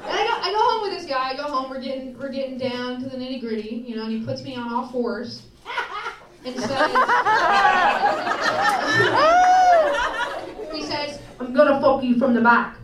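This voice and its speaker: An American woman telling a story on stage as stand-up, animated and laughing through her lines. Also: high voice, unhurried, very noisy. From United States. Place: live show before an audience. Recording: live venue, roomy, distant mic, loud crowd.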